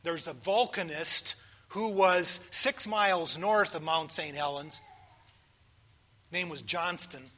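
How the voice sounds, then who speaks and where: A man in his sixties preaching a sermon, asking the congregation questions and swinging between hushed pauses and loud emphasis. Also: on the high side.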